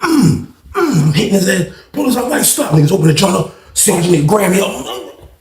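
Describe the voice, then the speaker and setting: Animated foul-mouthed man telling a story. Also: high voice, fast talker, creaky. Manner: animated, acts out the other people's lines; swears constantly. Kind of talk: casual storytelling. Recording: echoey room.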